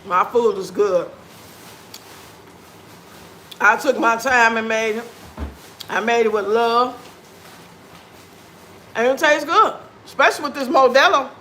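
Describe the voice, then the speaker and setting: High, bright-voiced sassy man livestreaming. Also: unhurried, long pauses, slight background noise. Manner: sassy, blunt trash talk to chat viewers; talks with food in his mouth. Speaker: livestream host. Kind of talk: casual livestream chat while eating.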